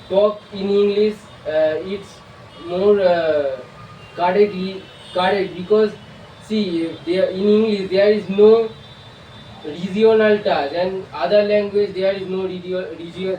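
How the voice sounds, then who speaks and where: A man's voice: high-pitched, mellow. A man from India with an Indian accent, giving a hesitant prepared presentation as a student, full of filler sounds and restarts. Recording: echoey room, far from mic, faint hiss.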